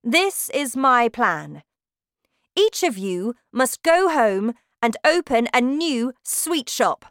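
A woman voicing a cruel, bossy female witch leader who shouts her orders with scorn, in a storybook reading. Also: a little high, big pitch swings, takes it slowly, no room sound, clean studio sound, pitched above the performer's own voice, full character voice. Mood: scornful, commanding. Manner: shouting, commanding, contemptuous.

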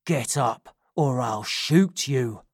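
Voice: mid-range voice, lively intonation, slow, husky, no room sound. Reader as a menacing robber man, clipped threats, dry close sound. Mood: threatening. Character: menacing, rough adult male robber.

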